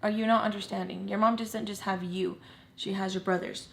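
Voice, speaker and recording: A woman's voice: mid-range voice, level tone, a little fast, gravelly, lightly acted. Woman quoting a stern, scolding grandmother. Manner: scolding, repeats herself. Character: stern exasperated grandmother lecturing a teen.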